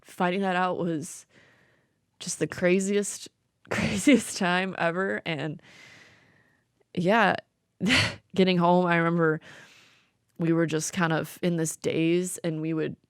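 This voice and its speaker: A woman's voice: lowish voice, steady tone, slow, long pauses, clear, resonant tone, no echo, clean studio sound. A young woman co-hosting a podcast, chatting casually and laughing often, with lots of fillers. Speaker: podcast co-host. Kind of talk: casual chat.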